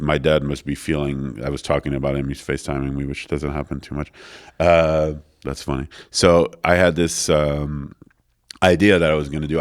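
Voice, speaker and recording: A middle-aged man, telling stories as a guest in a studio interview, acting out the dialogue. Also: rumbling low. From France. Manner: animated storyteller, acts out quoted dialogue, many fillers. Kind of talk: casual storytelling interview. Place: recording studio.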